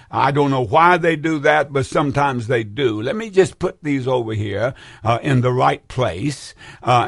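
A man's voice: mid-range voice, creaky, slightly rough, no room sound, clean studio sound. An older man hosting a call-in preaching broadcast, fervent and rambling, reading scripture and urging listeners to phone in.

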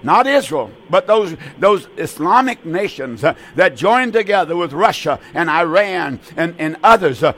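A man in his eighties with a slightly high, fairly bright voice hosts a call-in radio program. He preaches earnestly, restarting often and repeating words.

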